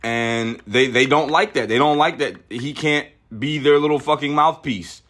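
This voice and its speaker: A man's voice: mid-range voice, moderate pace, fairly bright tone. A man hosting a podcast, giving opinionated political commentary in a profane, ranting way, often stumbling and repeating words. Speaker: podcast host.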